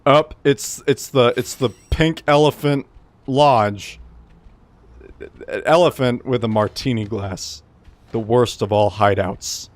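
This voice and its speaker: A man's voice: mid-range voice, slow pace. Joking man streaming a video game. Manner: joking, sarcastic, rambling. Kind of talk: casual gaming commentary.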